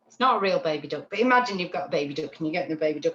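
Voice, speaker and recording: A woman teaching a dog training class over a video call, chatty and animated, often checking in with "yeah?". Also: lowish voice, quick pace, hardly any pauses. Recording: roomy, dull lo-fi call audio with faint noise.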